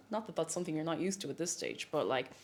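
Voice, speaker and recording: A woman's voice: low voice, lively intonation, quick pace. A woman chatting casually and giggling while cooking at home on a live stream. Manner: chatty and giggly, breaks into silly noises.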